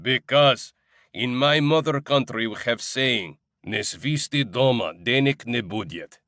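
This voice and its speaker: A man's voice: medium pitch, unhurried, fairly bright tone, dry recording, studio quality. A man voicing a burly, superstitious male ice cream vendor in his forties with a Russian accent and broken English, in an audiobook. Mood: earnest. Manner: broken English, earnest, fatalistic. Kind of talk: audiobook character voice.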